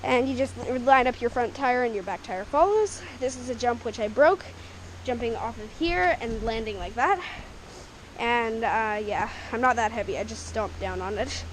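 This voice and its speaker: A Canadian vlogger walks outdoors through the homemade dirt bike track in her backyard, casually narrating to an action camera in a rambling, chatty way and giggling often. Her voice is a little high, expressive, and at normal speed, and the poor audio carries a little hiss or hum.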